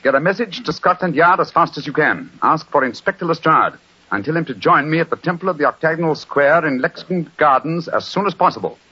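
An actor playing a sharp, commanding detective, brisk and decisive, in 1940s radio acting. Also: male voice, a little high, animated, noisy background, natural voice. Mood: urgent. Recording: dull lo-fi 1940s radio recording.

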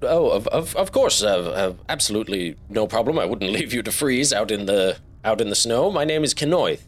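A man's voice: fairly low pitch, animated, fairly quick. A man voicing a kind, flustered tiefling man who welcomes guests into his home, stammering politely.

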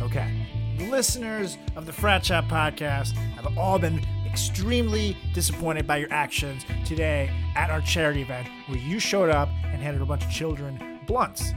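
A man hosting a comedy podcast, ranting in loud exasperation. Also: a little high. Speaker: podcast host.

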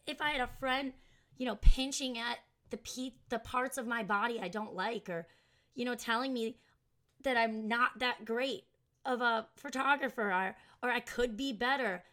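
A woman's voice: fairly high pitch, normal speed, pushed and bright. A young adult woman hosting her podcast, talking casually in a rambling, self-mocking way and reading from an article she wrote. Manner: chatty, rambling, laughs at herself. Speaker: podcast host.

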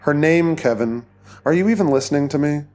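A man voicing a calm, menacing male cult leader in an audiobook, speaking in a slow, soothing, coldly controlled way. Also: a little high, soft background music, pitched above the performer's own voice, lightly acted.

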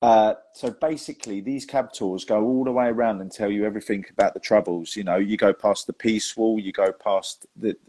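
A man's voice: fairly low pitch, fairly even intonation, fairly quick, few pauses, darkish tone. A man hosting a podcast, telling stories in a chatty way and laughing often. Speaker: podcast host. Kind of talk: casual chat.

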